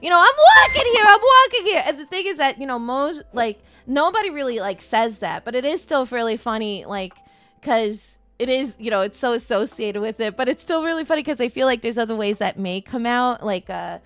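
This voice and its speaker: A woman's voice: a little high, animated, brisk, clear, resonant tone. A young American woman in casual livestream chat, bubbly and giggly, full of "like" and "you know.". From United States. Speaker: streaming guest. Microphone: remote call audio.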